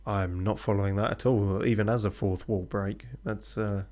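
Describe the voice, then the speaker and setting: A man with a fairly low voice casually narrates his game on a live stream. His tone is offhand, with mumbled asides and the occasional swear word. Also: fairly even intonation, normal speed, darkish tone.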